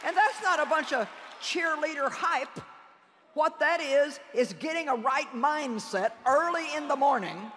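Woman preacher, emphatic, talks right at you, super high voice, long hall echo. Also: expressive, a little slow, a bit bright, a faint crowd, a little hiss or hum. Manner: emphatic, direct address to the audience, laughing asides. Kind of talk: sermon. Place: large conference hall. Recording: long reverb in a large hall.

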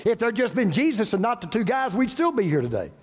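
A man preaching a sermon as pastor, with dramatic pauses and repetition. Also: high voice, sing-song, husky, big-room sound.

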